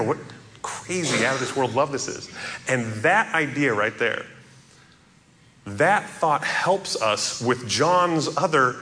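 A man preaching an earnest sermon as a pastor, stressing quoted scripture slowly and emphatically. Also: a little high, sharp tone, a little hiss or hum.

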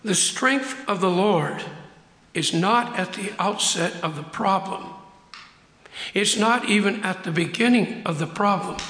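An older man preaching as pastor of his church, acting out quotes and slowing down hard for emphasis. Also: high-pitched, bright, forceful tone. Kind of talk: sermon. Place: church sanctuary. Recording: echoey hall.

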